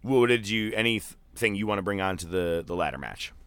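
Deep-voiced man telling a loose story. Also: a little fast, smooth, no room sound, studio quality. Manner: loose, profane storytelling with a lot of fillers; animated, jumps into high-pitched quoted voices. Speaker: podcast co-host. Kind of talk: casual chat.

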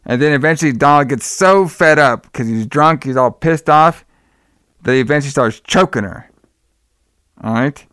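A man's voice: a little high, moderate pace, fairly bright tone, smooth, dry recording, studio quality. A man in casual chat, retelling the plot of a film in a rambling way and acting out lines, often saying "all right.". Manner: rambling retelling, acts out quotes, says "all right" a lot.

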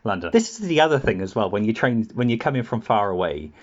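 A man's voice: lowish voice, sing-song, fast talker, lo-fi sound. A man on a podcast, telling rambling stories full of laughs and acted-out quotes, in casual chat.

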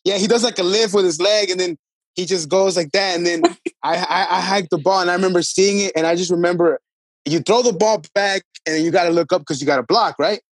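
Podcast co-host, animated storyteller, swears a lot, fairly high voice, close dry mic. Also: male voice, quick pace, no room sound. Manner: profane, animated, acts out voices of others. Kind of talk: casual storytelling among friends.

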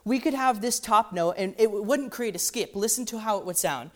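A woman's voice: mid-range voice, lively intonation, a little fast, hardly any pauses, faint music behind. A woman teaching how a hymn's melody works, talking conversationally, often checking in with "right?" and musing "interesting.". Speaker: music teacher.

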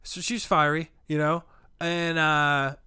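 A man's voice: fairly high pitch, little pitch movement, slow pace, sharp tone, clear, resonant tone, dry recording, clean studio sound. A man, a comedian chatting loosely on a podcast, rambling and swearing often. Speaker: comedian guest. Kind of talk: casual podcast chat.

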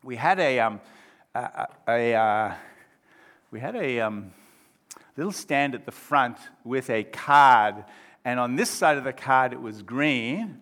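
Forceful preacher in his fifties. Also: medium pitch. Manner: animated preaching, swinging from soft and reflective to loud emphatic exclamations. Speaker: pastor. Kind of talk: sermon.

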